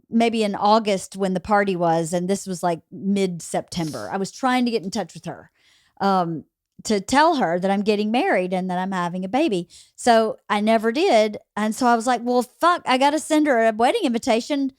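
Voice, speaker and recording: A woman's voice: mid-range voice, animated, normal speed, a little mellow, no room sound, clean studio sound. A woman hosting a podcast, telling personal stories in a candid, casual way. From Georgia. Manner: candid storytelling, swears casually. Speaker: podcast host. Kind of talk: casual conversation.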